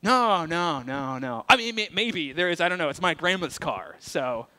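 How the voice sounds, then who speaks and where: A pastor doing a stammering young liar. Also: male voice, fairly high pitch, lively intonation, moderate pace, sharp tone. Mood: flustered. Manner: hesitant, stammering. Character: nervous young male suspect, fumbling lies. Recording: reverberant hall.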